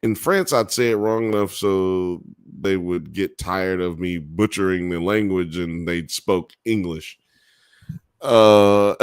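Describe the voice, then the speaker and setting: A man's voice: lowish voice, expressive, slow, clear, resonant tone, no echo, studio quality. A man hosting a live podcast, reading chat comments aloud in a rambling, profane way and laughing often. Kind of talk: casual live-stream chat.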